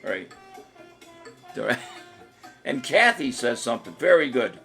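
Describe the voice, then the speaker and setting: A man's voice: medium pitch, big pitch swings, a little slow, vocal fry, pushed and bright, soft background music. A man hosting a casual trivia live stream, joking and chuckling while he reads out viewers' answers. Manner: jokey, rambling, chuckles often, reads commenters' answers aloud. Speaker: trivia show host.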